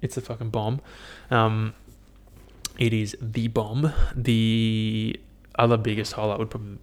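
A young man talks casually into a headphone mic about the highlights of his year. He rambles, swears freely and laughs at his own anecdotes in an unpolished way. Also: little pitch movement, slow. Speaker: vlogger. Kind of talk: casual solo year-review chat.

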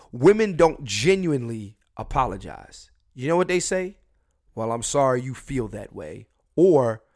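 A young man holds forth alone on his podcast. He talks bluntly and swears freely, and his slightly high voice jumps around constantly, swinging from loud bursts to low mutters. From Philadelphia. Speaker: podcast host. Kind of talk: solo podcast rant.

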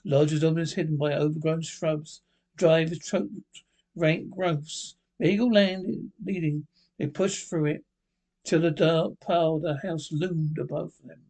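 A man reading a ghost story aloud in a plain, steady manner, with occasional slips. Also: fairly high pitch, measured pace. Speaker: narrator.

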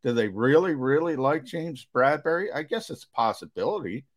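A man co-hosting sports talk radio, measured and explanatory as he lays out his view for listeners. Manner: measured, explanatory, with fillers and restarts, lively pitch.

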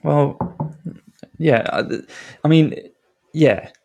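A man's voice: a little high, drawn-out words, creaky, darkish tone, breathy edge. A man co-hosting a podcast in casual chat, talking in a hesitant, self-deprecating way. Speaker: podcast co-host.

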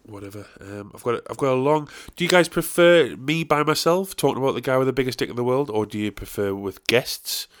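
Young male podcast host, low voice, loose crude self-deprecating rambler. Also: a bit bright. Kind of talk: casual solo podcast chat.

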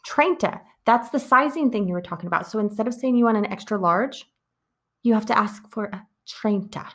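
A woman co-hosting a casual podcast, chatting and rambling with plenty of "like" as she goes. Her voice has a steady creaky fry running through it. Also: mid-range voice, a little fast. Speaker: podcast co-host. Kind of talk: casual chat.

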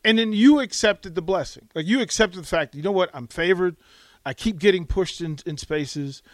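A man with a fairly high voice hosts a casual podcast chat. He speaks emphatically and encouragingly, and often cuts in on his guest. The recording is dry. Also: normal speed, no room sound. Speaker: podcast host.

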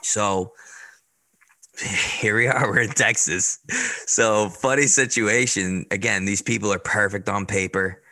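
A man's voice: lowish voice, steady tone, a little slow, pushed and bright, dry recording. A man, a podcast guest, telling a story in a casual, chatty way and swearing now and then. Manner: chatty, swears casually, quotes people in the stories. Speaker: podcast guest, real estate investor.

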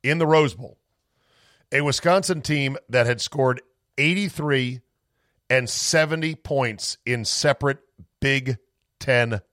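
A man's voice: mid-range voice, slow pace, long pauses, fairly bright tone, dry recording. A man hosting a sports talk podcast, telling a rambling story in a casual monologue and acting out his family's voices. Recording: dry close-mic home office.

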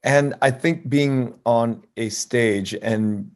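A man hosting a casual podcast conversation, reflective and searching for his words with pauses and fillers. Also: mid-range voice. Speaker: podcast host.

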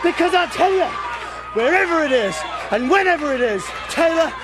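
Shouting English wrestler over a roaring crowd. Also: male voice, extremely high pitch, lively intonation, moderate pace, over loud music. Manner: intense, taunting, threatening. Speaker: pro wrestler. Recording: old TV broadcast with loud crowd.

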